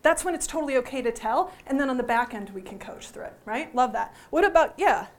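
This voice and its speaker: A woman teaching a workshop to a live audience, lively and joking, often putting questions to the room. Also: high-pitched, quick pace. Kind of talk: interactive workshop talk.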